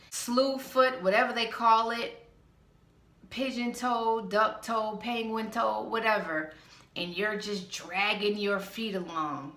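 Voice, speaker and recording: A woman's voice: mid-range voice, fairly even intonation, takes it slowly, bright, forceful tone, echoey room. A woman vlogger ranting in a casual monologue, blunt, sassy and exasperated.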